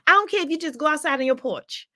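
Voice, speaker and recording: A woman life coach hosting a live stream, reading out viewer comments in a lively, laughing, preacherly way. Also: sits high, fast, dry recording, studio quality. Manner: animated, laughs often, preacherly call-and-response.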